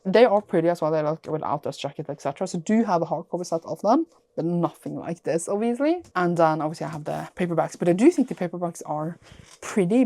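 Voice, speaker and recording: A woman's voice: fairly low pitch, no room sound. Gushing woman vlogger, dry room. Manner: gushing, excitable, often breaks off mid-sentence. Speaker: book vlogger. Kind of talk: casual reading vlog.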